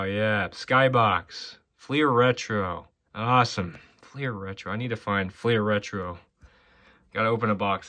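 A Canadian hockey card collector opens his card mail with casual, loose commentary, chatty and muttering to himself between finds. His mid-range voice has a bright, slightly sharp edge and jumps up whenever a pull surprises him, since he's easily excited.

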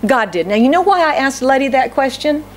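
A middle-aged woman pastor delivers a sermon in a voice pitched a little high. She questions her listeners and voices their complaints to God in quotes. A faint noise sits under the recording. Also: lively intonation, fairly quick. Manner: preaching, asks the congregation questions.

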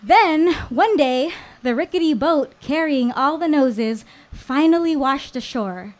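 A woman in her thirties tells a personal story on stage at a small live show. Her voice sits a little high, and she takes her time, lingering in deliberate pauses between phrases. The delivery is warm with storytelling rhythm rather than chatty. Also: expressive. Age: 30s.

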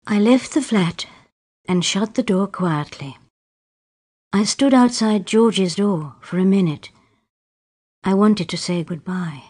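Cast: woman narrator, slow clear storybook reading for learners, mid pitch. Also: a little mellow. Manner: plain, slow and clear reading in short sentences. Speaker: story reader.

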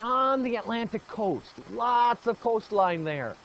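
A male teacher with a rather high voice runs a classroom lesson. He keeps quizzing the students and repeats the key points. The recording is muffled and lo-fi. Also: lively intonation, slow pace, a bit bright, a little hiss or hum. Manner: asks the class questions and praises answers.

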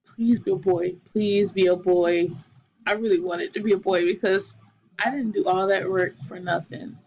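A young woman chatting excitedly to her viewers while playing a life-sim game, full of ums and gasps. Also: medium pitch, normal speed, highs cut off, a little hiss or hum. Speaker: gaming channel host. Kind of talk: casual gameplay commentary. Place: bedroom at home, TV in another room.

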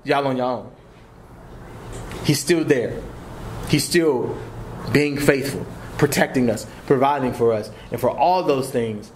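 A young man in his twenties teaching a church class, conversational and animated, slipping into casual slang. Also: medium pitch, a little hiss or hum. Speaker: Bible teacher.

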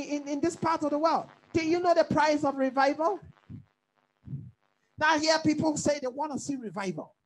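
A man's voice: very high voice, poor audio. A man from Africa, a pastor leading a bible study, preaching emphatically with repeated phrases and questions to his listeners.

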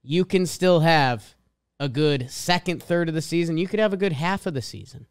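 A man's voice: on the high side, normal speed, clear, resonant tone. A man with a Boston accent co-hosting a casual sports podcast, reading out stat lines with emphatic swings. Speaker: podcast co-host.

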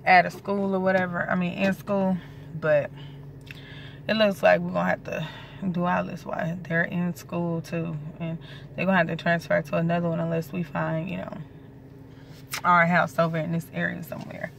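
A young pregnant woman chats to her viewers in a relaxed, rambling vlog. Her voice sits low for a woman, and she cusses freely. A faint hiss of noise runs under the recording. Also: normal speed, gravelly. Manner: loose, chatty, swears freely. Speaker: vlogger. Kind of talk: casual chat to camera.

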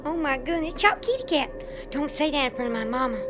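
A woman filming a comic home video in a dark house at night, whimpering and giggling as she pretends to be scared of a ghost. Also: high-pitched, brisk, over loud music. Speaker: comedy vlog host. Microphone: handheld camera.

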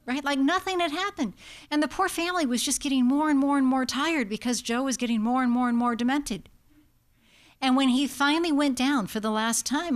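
A woman palliative care doctor with an American accent, giving an informal talk and telling stories that act out what families say. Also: fairly high pitch. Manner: lively, anecdotal, acts out quotes.

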